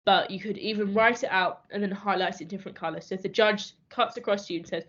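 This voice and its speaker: A young woman from a university mooting society giving calm, reassuring instructional advice with some fillers. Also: mid-range voice, fast. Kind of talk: instructional training talk. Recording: dull lo-fi recording.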